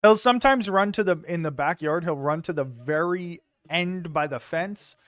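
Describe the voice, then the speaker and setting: Casual male streamer at home, joking banter, slightly high voice, dry close sound. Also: normal speed, a bit bright, no echo. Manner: loose, joking banter with frequent swearing. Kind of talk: casual chat with live viewers.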